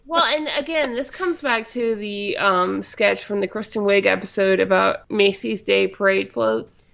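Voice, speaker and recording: Gravelly-voiced woman on a dull mic. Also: medium pitch, a bit bright. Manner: chatty, quick quoting asides, slangy. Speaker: podcast co-host. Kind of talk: casual chat reviewing a comedy show.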